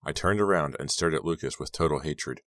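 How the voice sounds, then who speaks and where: Male audiobook narrator, extremely deep, dry close sound, tense telling. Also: a little fast, a bit bright, no echo. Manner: tense, dramatic storytelling. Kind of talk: scripted first-person narration.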